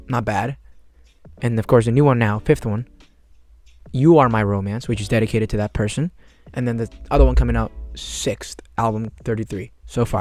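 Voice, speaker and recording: A man's voice: mid-range voice, darkish tone, dry recording. A man in his twenties hosting a casual solo podcast, rambling in laid-back slang with cursing. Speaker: podcast host.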